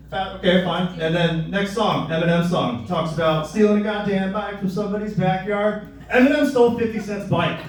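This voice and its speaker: A young man performing a crude, rambling stand-up comedy set, jumping into loud high voices for the people he quotes. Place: live comedy club. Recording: echoey room, mic a bit distant.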